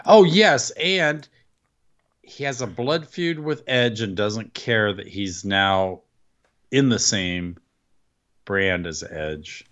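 A wry, exasperated man talks wrestling with a lively, swooping pitch, sighing at the state of the storylines. His voice comes through a dull, lo-fi mic. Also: slow. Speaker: podcast co-host. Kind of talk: casual wrestling chat.

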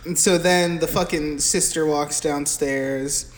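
A young man co-hosting a casual movie podcast, recapping the plot in a crude, profane, animated way. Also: fairly high pitch, takes it slowly. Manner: crude, profane, animated retelling with mimicked quotes. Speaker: podcast co-host. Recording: echoey room with faint background hiss.

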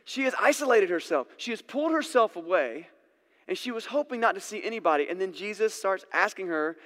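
Male pastor, chatty sermon delivery, slightly higher voice, long church reverb. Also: animated, fairly quick, a bit bright. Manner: conversational, storytelling, uses asides.

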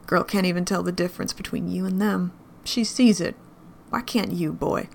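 A woman's voice: lowish voice, normal speed, vocal fry, slight background noise. A woman voicing a scornful older man, a harsh father, with a sneering delivery.

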